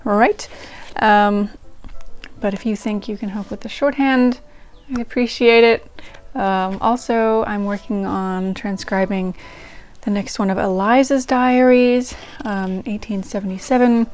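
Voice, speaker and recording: A woman with a medium-pitched, steady, slightly mellow voice speaks a little slowly as she hosts a channel where she reads old diaries. She chats casually with viewers, rambling along with lots of ums and restarts, while faint ragtime music plays behind her.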